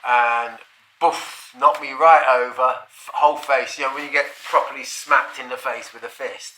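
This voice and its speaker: A man's voice: mid-range voice, fairly even intonation, moderate pace, bright, forceful tone, a little hiss or hum. A middle-aged man, telling a personal anecdote in a rambling, profane, chuckling way. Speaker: storyteller. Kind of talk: casual anecdote. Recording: roomy echo.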